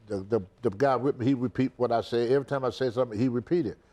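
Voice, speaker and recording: In rapid-fire speech and a mid-range voice, an older American retired wrestler narrates a story during a shoot interview. He's an animated teller, prone to repeating words and performing other people's parts.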